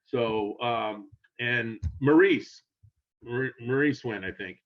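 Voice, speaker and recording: An older man telling a long rambling story in casual chat, animated and laughing, acting out quotes in a raised voice. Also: medium pitch, takes it slowly. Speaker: guest storyteller. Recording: dull lo-fi sound.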